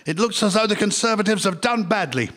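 A high, brisk radio news presenter. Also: male voice, expressive, fairly bright tone. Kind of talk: satirical radio sketch.

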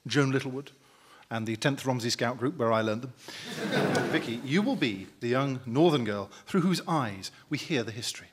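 A man's voice: mid-range voice, lively intonation, normal speed. Pompous radio host guy, bouncy up and down voice, bit of hiss behind. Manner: pompous, blustering, theatrical. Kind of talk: scripted comedy sketch.

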